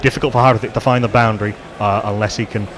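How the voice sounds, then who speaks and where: A man giving live ball-by-ball cricket commentary on radio. He describes the field and each delivery in steady, descriptive play-by-play. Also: on the low side, fast talker, background noise. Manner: steady descriptive play-by-play, rising on big moments.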